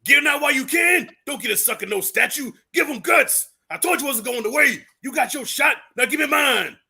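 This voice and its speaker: A man impersonating a menacing young boxer who shouts threats at a champion. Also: very high-pitched, animated, brisk, gravelly, voice pushed up, exaggerated voice. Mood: taunting.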